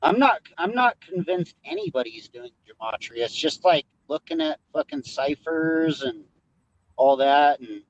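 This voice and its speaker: A man's voice: a little high, muffled recording. A man in a livestream debate, hesitantly questioning and arguing back. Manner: questioning, confused, hesitant restarts. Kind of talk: heated argument on a livestream.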